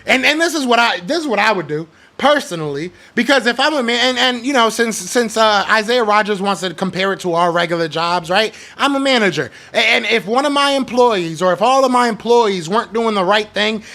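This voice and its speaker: A young man with a high, bright voice and a gravelly fry, ranting about sports. He talks blunt and slangy, hammering his points with fired-up emphasis between chat shout-outs. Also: animated, a little fast, few pauses. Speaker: podcast host. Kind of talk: heated sports rant, reading live chat.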